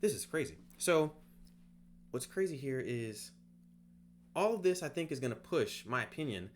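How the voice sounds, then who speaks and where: A man's voice: medium pitch, very animated, normal speed, slight background noise. A man explaining off the cuff at home, rambling and conversational, tossing in "right?" as he goes. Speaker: online course creator. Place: home, by a bed.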